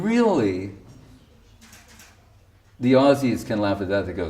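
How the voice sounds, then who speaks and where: A male spiritual teacher, seated, giving a devotional sermon with provocative, animated storytelling and frequent laughter. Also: medium pitch, normal speed, long pauses, distant mic. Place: indoor temple hall, seated.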